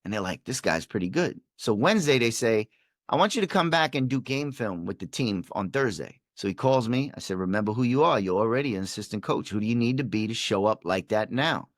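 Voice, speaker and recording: A man, a performance coach and podcast guest, telling a story and acting out the dialogue with shifting pitch and energy. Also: expressive, a little fast, no echo, studio quality. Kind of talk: animated storytelling in conversation.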